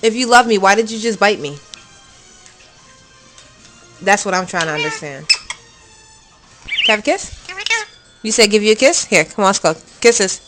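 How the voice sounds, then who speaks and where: A woman's voice: mid-range voice, lively intonation, normal speed, pauses often, music in the background. A woman talking to her pet bird on a phone, teasing and scolding it in a playful way. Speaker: pet owner. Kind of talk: casual chat with a pet bird.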